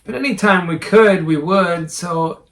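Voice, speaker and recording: A man telling a story in a casual, animated way and laughing often. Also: high voice, unhurried. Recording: distant mic.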